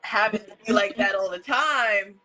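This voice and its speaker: A woman hosts a casual podcast chat in a bright, forceful voice. She talks earnestly and stacks repeated phrases to drive her points home. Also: mid-range voice, moderate pace, rough recording. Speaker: podcast host. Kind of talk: casual conversation. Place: indoor room with a fan.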